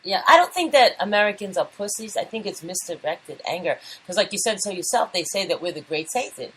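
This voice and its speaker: A woman co-host on a casual talk show, chatty and teasing as she banters. Her voice sits at a middle pitch. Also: animated, brisk, fairly bright tone, husky, low-quality recording.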